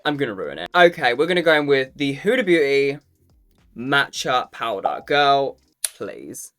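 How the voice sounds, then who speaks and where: A man's voice: medium pitch, big pitch swings, a little slow, fairly bright tone, faint music behind. A man reviewing makeup to camera in a casual, campy and sassy way, swearing freely and calling the viewer "girl". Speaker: makeup vlogger.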